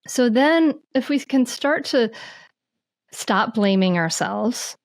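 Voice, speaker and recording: A woman guest on a parenting podcast, telling stories in an animated, searching way with many restarts. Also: a little high, slow, no echo. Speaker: guest, mindful parenting teacher. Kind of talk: conversational podcast interview.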